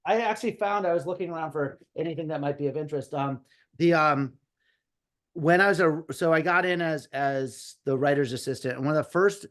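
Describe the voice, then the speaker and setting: A man in his fifties tells stories from his early career in an animated, rambling way, stopping and restarting and acting out what he thought at the time. His voice sits a little high for a man. It is a relaxed, casual conversation. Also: brisk. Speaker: guest, comedy writer. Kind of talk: casual storytelling interview.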